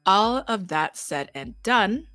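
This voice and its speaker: A young woman acting as game master, reading a campaign recap in a brisk, matter-of-fact way. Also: mid-range voice, animated, pushed and bright, no echo, soft background music.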